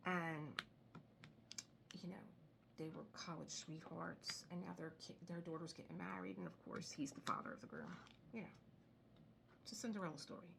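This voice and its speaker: Middle-aged woman host, chatty and rambling, slightly low gravelly voice, noisy background. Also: moderate pace. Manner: rambling, chatty, drifts into soft muttering. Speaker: craft video host. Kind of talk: casual chat while crafting.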